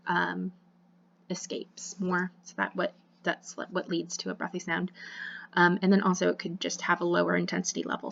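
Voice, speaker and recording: A woman's voice: on the low side, vocal fry, fairly bright tone, highs cut off, a little hiss or hum. A young woman lecturing a voice and diction class in a casual, chatty way, full of fillers and self-corrections. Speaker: college voice and diction instructor. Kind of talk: recorded online lecture.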